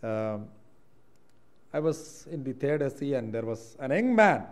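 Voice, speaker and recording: In a church hall, a man from Kerala with an Indian English accent preaches a sermon at a measured pace. His medium-pitched voice swings widely, alternating quiet reflective lines with loud, emphatic ones.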